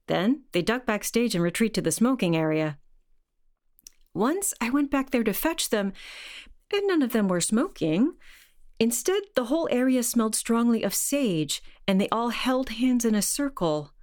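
Woman, story narrator, deadpan, measured reading. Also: medium pitch.

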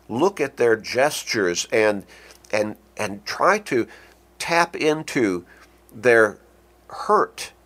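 A man teaching a lesson on communication, speaking slowly and deliberately, with pauses and restarts. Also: medium pitch, fairly bright tone. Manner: acts out short spoken examples. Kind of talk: lecture on communication.

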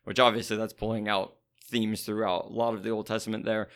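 A man's voice: on the low side, little pitch movement, fairly quick, creaky, few pauses, fairly bright tone. A man explaining scripture in an easygoing, casual Bible discussion.

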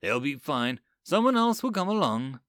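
A man's voice: a little high, sing-song, normal speed, a bit bright, no room sound, clean studio sound. A man voicing a weary, sardonic adult male paladin who grumbles and mutters through his lines in a storybook reading.

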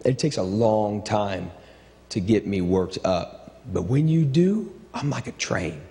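A middle-aged male pastor preaching a sermon with impassioned, repetitive phrasing, swinging between stirring build-ups and low, quiet asides. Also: expressive, slow pace. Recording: long reverb of a large hall.

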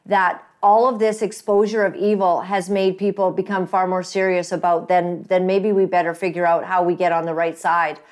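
A woman's voice: on the low side, flat delivery, moderate pace, hardly any pauses, clear, resonant tone. A woman hosting an interview, speaking gratefully and effusively, with many fillers and restarts. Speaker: host, interviewer. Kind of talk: casual interview talk.

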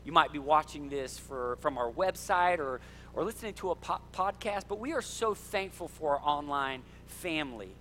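Animated pastor with a bright high voice. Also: male voice, normal speed, soft background music. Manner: animated, joking with the congregation. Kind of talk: sermon. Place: church sanctuary.

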